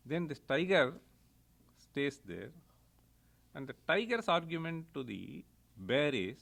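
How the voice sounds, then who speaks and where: Man, middle-aged, professor lecturing; calm storyteller who explains his terms. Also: a little high, vocal fry. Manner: unhurried, retells stories with chuckles, explains Sanskrit terms.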